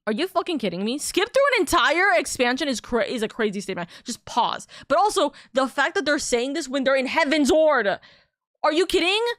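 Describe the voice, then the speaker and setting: A woman's voice: high-pitched, very animated, a little fast, fairly bright tone, no echo, studio quality. A woman streamer in a heated, casual rant, swearing freely and restarting her sentences.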